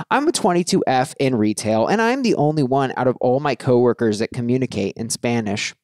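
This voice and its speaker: A man's voice: mid-range voice, a little fast, hardly any pauses, dry recording, clean studio sound. A man hosting a comedy podcast, joking around and reading listener posts aloud. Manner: joking, reads posts with lively inflection. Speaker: podcast host.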